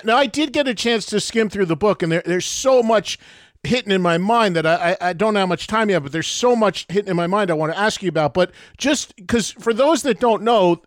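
A male podcast host asking interview questions in a quick, eager way, often restarting his sentences. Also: high-pitched, no room sound, studio quality.

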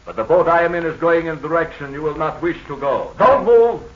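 A man's voice: on the high side, quick pace, natural voice. A man playing a scheming villain henchman in a 1930s radio serial, with a menacing, gloating manner. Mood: threatening. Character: scheming male villain henchman turned rogue. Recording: dull old radio transcription.

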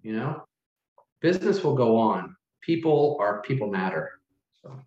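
A man's voice: medium pitch, big pitch swings, a little mellow. Earnest, emotional middle-aged man. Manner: earnest, halting, with many restarts and fillers. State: emotional, close to tears. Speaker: hotel manager, guest. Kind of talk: emotional storytelling in an interview. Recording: roomy, dull lo-fi sound.

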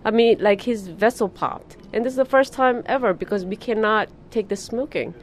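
A woman's voice: medium pitch, normal speed, a little hiss or hum. A woman who owns a store, speaking plainly and with frustration in a news interview. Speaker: store owner.

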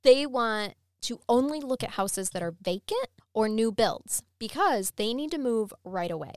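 A woman's voice: a little high, measured pace, no echo. Chatty woman telling a true-crime story. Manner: chatty, animated, laughs often. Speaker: podcast co-host.

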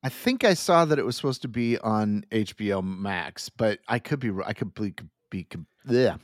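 A man's voice: lowish voice, animated, normal speed, no echo. A man hosting a casual podcast, steering the talk and teasing the others. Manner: dry, teasing. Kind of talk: casual chat.

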